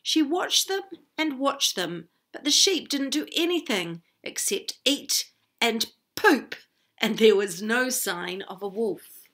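A woman reads a children's story aloud, expressive and unhurried, stopping for chatty asides to her listeners. Her voice is bright, with a gravelly crackle. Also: fairly high pitch.

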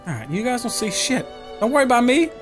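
His voice is extremely high and very animated, and he talks fast. This gaming YouTuber swears his way through a video game with cocky jokes, taunts at enemies and remarks to viewers while music runs underneath.

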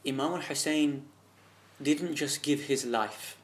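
A man's voice: medium pitch, slow. A man giving an earnest, impassioned religious talk, telling a story and asking rhetorical questions. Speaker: religious speaker.

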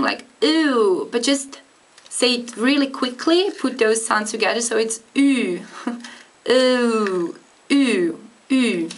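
A woman's voice: on the high side, fairly bright tone. A woman giving a casual video lesson on pronunciation, speaking carefully and demonstrating sounds. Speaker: language teacher.

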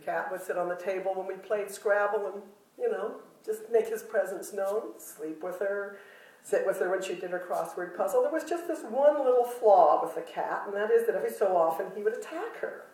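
A woman's voice: mid-range voice, animated, moderate pace, darkish tone. An older woman telling a personal story at a retreat, self-deprecating and humorous, laughing often. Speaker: retreat speaker. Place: retreat meeting room. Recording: roomy hall, mic far off.

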